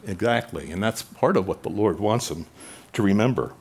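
A man preaching a conversational sermon, asking the crowd rhetorical questions and dropping his voice low when quoting scripture. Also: lively intonation, moderate pace, husky. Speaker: pastor. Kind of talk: expository sermon.

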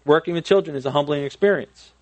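A man's voice: fairly high pitch, fast talker, darkish tone, muffled recording. A man in his thirties preaching a conversational sermon on parenting, self-deprecating, with frequent restarts and friendly asides. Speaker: pastor.

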